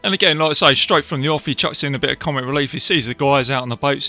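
A man casually recapping a film, chatty and enthusiastic, tossing in quick impressions of lines. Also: medium pitch, bright, forceful tone, soft background music. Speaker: film reviewer.

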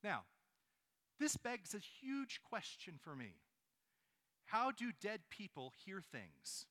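A man's voice: high-pitched, wildly swooping pitch, slow pace, sharp tone. A man preaching a sermon, asking his listeners rhetorical questions and reading scripture aloud. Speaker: pastor.

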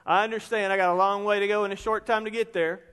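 A man, preaching an animated sermon that rises into shouts. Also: sits high, quick pace, smooth. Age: 50s. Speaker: pastor. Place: church sanctuary. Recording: long reverb of a large hall.

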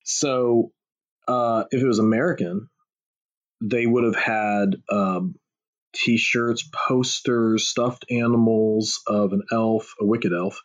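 A Texan podcast host chats casually in a lowish, fairly even voice, speaking slowly. He rambles, swears freely and pokes fun at himself, and the audio is dull and lo-fi.

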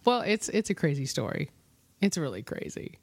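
A woman co-hosting a radio show, chatting casually on air and telling stories in an emphatic, animated way. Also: deep voice, normal speed, slightly rough, dry recording.

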